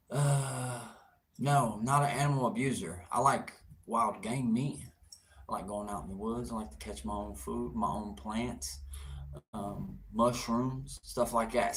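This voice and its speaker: A man's voice: fairly low pitch, a bit bright, a little hiss or hum. A young man hosting an outdoors livestream, answering viewer comments in a brash, teasing, profane way with frequent laughter.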